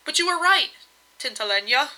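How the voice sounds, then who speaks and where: A woman's voice: a little high, expressive, moderate pace, bright, forceful tone, voice pushed up, rough recording. A woman reading aloud, voicing a mighty but meek husband who answers apologetically and eagerly. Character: mighty wind-lord husband, meek and hasty.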